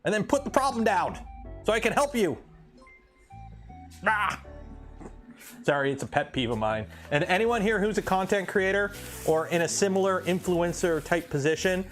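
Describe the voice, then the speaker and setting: A man's voice: high-pitched, expressive, moderate pace, long pauses, a bit bright, faint music behind. A man from Canada hosting a casual livestream, chatting with viewers and ranting animatedly about a pet peeve. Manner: chatty, reads chat aloud, rants animatedly. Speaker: livestream host.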